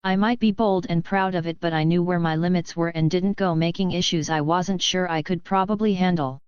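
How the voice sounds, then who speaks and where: A woman reading a web novel aloud in steady, scripted first-person narration. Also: on the low side, fairly quick, clear, resonant tone, dry recording, highs cut off. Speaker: audiobook narrator.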